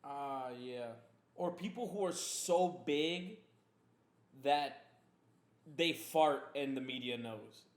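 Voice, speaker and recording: A man's voice: mid-range voice, lively intonation, slow, pauses often. A young man hosting a casual podcast, ranting in a heated, profane, rambling way. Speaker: podcast host.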